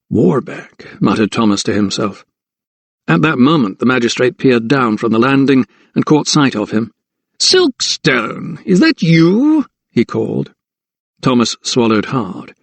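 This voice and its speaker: Guy narrating an audiobook, gravelly low voice, dry close mic, steady pace. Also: moderate pace, no echo. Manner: steady, even storytelling. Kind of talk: scripted narration.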